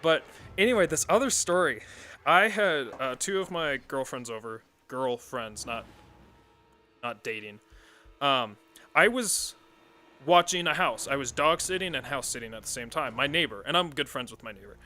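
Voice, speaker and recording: A man's voice: mid-range voice, expressive, normal speed, bright, forceful tone. A young man streaming a game, telling a rambling story with frequent laughter and casual swearing.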